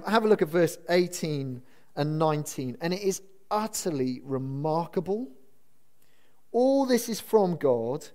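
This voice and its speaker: A man's voice: sits high, a little mellow. A man preaching a sermon as pastor, earnest, asking his congregation questions and repeating key phrases for emphasis. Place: church building.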